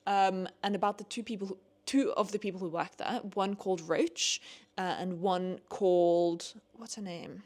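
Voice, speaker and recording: Una giovane donna che recensisce libri in un vlog informale. Parla in modo chiacchierone, con tanti intercalari, e impreca senza problemi. Ogni tanto si lascia andare a sfoghi animati. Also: female voice, medium pitch. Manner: chatty, heavy use of "like", swears when annoyed; animated, rising into ranting bursts. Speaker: book vlogger. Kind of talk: casual book review vlog.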